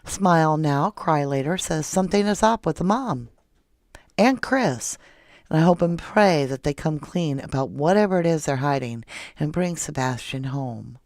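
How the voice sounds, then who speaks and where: A woman with a low, expressive, darkish voice speaks at normal speed, with no echo. Hosting a casual true crime livestream from home, she reads viewer comments out loud and bluntly shares her opinions.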